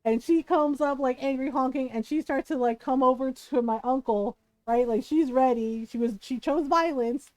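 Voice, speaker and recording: A woman streamer chatting casually while she plays a game, laughing often and retelling a story with lively quoted voices. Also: sits high, normal speed, hardly any pauses, no room sound. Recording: dry close mic with faint game music.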